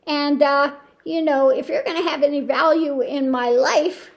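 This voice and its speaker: A woman's voice: high-pitched, steady tone, unhurried, gravelly, muffled recording. A woman hosting her own channel, chatting casually at home in a rambling way, with many restarts and exclamations of disbelief. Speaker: tarot channel host. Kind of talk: casual chat to camera.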